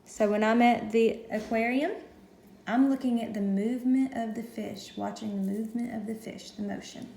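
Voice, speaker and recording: A woman teacher going through a recorded classroom lesson, patiently explaining each step slowly. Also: fairly high pitch, steady tone, gravelly, dark tone, echoey room.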